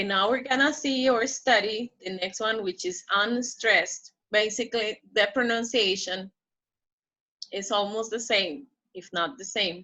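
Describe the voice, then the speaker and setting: A woman teaching pronunciation in a slow, careful pace, her voice bright and clear. She stretches out each model word and keeps checking in with her listeners. The recording sounds a little dull and lo-fi. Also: mid-range voice. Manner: drawn-out model words, checks in with "okay?".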